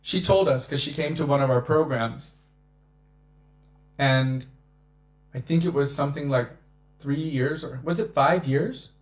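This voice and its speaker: Animated male devotional speaker, echoey room. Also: mid-range voice, unhurried, long pauses. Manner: animated storyteller who acts out quotes. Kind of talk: devotional talk on scripture.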